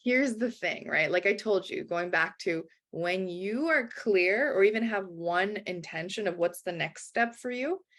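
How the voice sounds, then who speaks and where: A woman talking in an easy, conversational way as an interview guest. She tells her story with lively swings in her voice and briefly takes on other people's voices when she quotes them. Her pitch sits in a middle range. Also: a little slow, few pauses. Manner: animated, acts out quoted dialogue.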